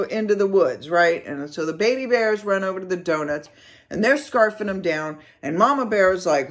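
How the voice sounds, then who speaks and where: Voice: medium pitch, normal speed. A vlogger telling a story casually and with animation, acting out sound effects and often checking in with "okay?".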